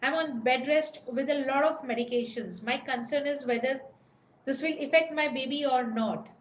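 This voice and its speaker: A woman's voice: high-pitched, normal speed, echoey room, highs cut off, a little hiss or hum. A woman hosting a parenting webinar, answering viewers' questions in an earnest, instructive way. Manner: earnest, instructive, speaks directly to expectant mothers. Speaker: prenatal parenting webinar host.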